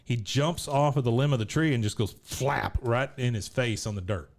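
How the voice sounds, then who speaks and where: A man's voice: medium pitch, moderate pace. A man co-hosting a podcast, casually recapping an episode scene by scene and laughing at the characters. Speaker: podcast co-host.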